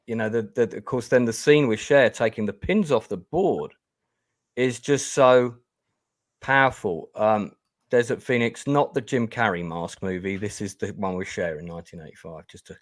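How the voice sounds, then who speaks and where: A man's voice: lowish voice, normal speed. A man hosting an interview, asking long, enthusiastic, rambling questions. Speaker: interview host.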